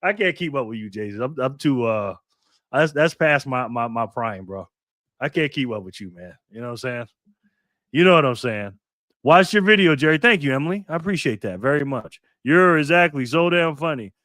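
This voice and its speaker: With an expressive, slightly bright voice at normal speed, this male livestream host reads viewer comments in a laid-back, upbeat manner. He laughs frequently and pumps people up with one "boom" after another, and the studio-quality recording has no echo.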